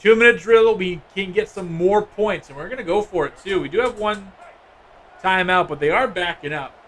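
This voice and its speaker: A man streaming a football video game, giving casual, excitable play-by-play and chatting with viewers. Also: high-pitched, normal speed, a little hiss or hum. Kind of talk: live gameplay commentary.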